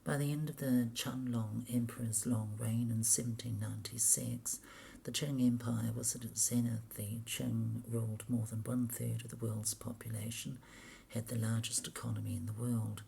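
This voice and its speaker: Very deep gravelly woman, whispering and swearing. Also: level tone, normal speed, warm tone, slight background noise. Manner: swears constantly, grumbling and exasperated. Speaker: vlogger reading history pages aloud. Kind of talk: muttered reading aloud with running commentary.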